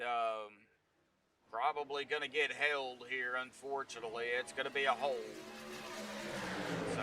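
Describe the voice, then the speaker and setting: A man doing laid-back sim racing play-by-play commentary, with self-deprecating banter between calls. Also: mid-range voice. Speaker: race commentator. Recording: distant mic with clear background noise.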